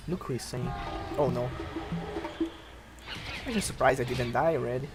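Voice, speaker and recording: A man giving let's-play commentary on a game, breaking into excited, swearing outbursts at the action. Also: mid-range voice, moderate pace, pauses often, over music. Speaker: gameplay commentator.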